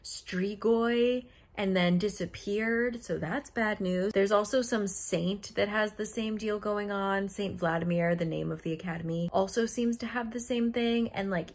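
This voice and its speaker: A woman's voice: medium pitch, unhurried, few pauses. Young woman ranting about a book she's reading, casual and blunt, says like a lot. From living in Korea. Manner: frank and exasperated, lots of filler "like". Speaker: book vlogger. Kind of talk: casual reading vlog chat.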